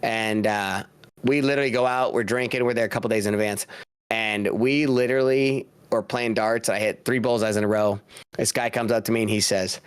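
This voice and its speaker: A man's voice: lowish voice, steady tone, brisk, smooth, no room sound. A man guest on a podcast, telling rambling, profane stories in a casual way and laughing as he goes. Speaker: podcast guest, paintball player. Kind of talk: casual storytelling.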